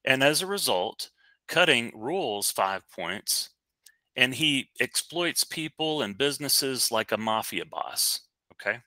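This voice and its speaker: A man's voice: medium pitch, animated, unhurried, sharp tone, no room sound. A man co-hosting a casual podcast, talking in a chatty, rambling way with many fillers and restarts. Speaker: podcast co-host. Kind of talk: casual podcast movie review.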